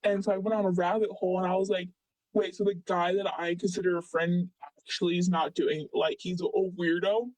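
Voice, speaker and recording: A young man telling a story casually as an interviewee, rambling with many fillers and animated retellings. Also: high-pitched, fairly quick, no echo, rough recording.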